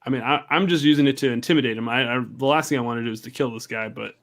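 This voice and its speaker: A man's voice: mid-range voice, very fast, fairly bright tone. Guy at the game table, stumbles over words, casual. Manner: stammering, repeats words. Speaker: player.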